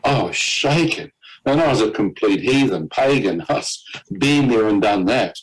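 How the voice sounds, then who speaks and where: A man telling a gripping personal testimony in a lively storytelling way, acting out other people's lines and laughing at himself now and then. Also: on the low side, normal speed, breathy edge, low-quality recording. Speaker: guest telling his testimony.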